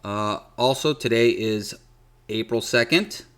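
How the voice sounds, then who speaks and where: A man's voice: medium pitch, unhurried, fairly bright tone, clear, resonant tone. A man casually hosting a live stock trading stream, chatty and loose. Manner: loose, chatty, restarts sentences. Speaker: livestream host. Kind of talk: casual livestream chat.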